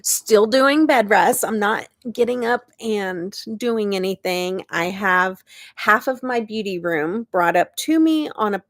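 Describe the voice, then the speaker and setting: Beauty vlogger: middle-aged woman, chatty, laughs a lot, medium pitch, dry. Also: lively intonation, slow pace, no room sound. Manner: chatty and bubbly, laughs often, greets viewers by name. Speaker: beauty YouTuber. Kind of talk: casual live-stream chat. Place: bedroom, in bed.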